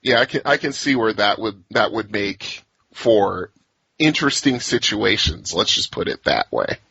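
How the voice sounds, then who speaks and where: Male host, casual rambler, laughs a lot, bright and breathy, lo-fi dry recording. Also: lowish voice, very animated, normal speed, no echo. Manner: laughs often, rambling with restarts. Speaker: podcast host. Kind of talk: casual chat.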